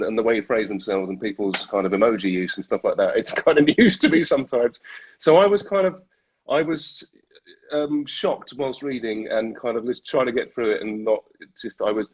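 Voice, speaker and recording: British man laughing through a husky interview. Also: mid-range voice, darkish tone, muffled recording. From Britain. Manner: self-deprecating, laughs often, halting restarts. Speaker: actor, interview guest. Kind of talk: casual interview chat.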